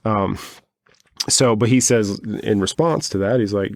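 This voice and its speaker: A man's voice: on the low side, moderate pace, gravelly, darkish tone, no room sound, clean studio sound. A man co-hosting a podcast, telling a story in a rambling, wry way with lots of fillers and asides. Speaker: podcast co-host. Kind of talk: casual storytelling chat.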